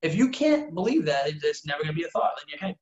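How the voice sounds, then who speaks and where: A man's voice: a little high, very animated, fast talker, darkish tone. Rambling earnest man in a roomy room. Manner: rambling, earnest, fillers of "like", acts out quoted dialogue. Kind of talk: casual chat. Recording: roomy, dull sound.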